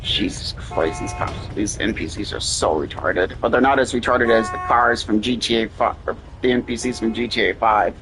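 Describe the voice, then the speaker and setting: A man's voice: lowish voice, normal speed, music in the background. A man giving casual gameplay commentary, profane and sarcastic, irritated at the game characters. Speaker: gamer playing and commenting.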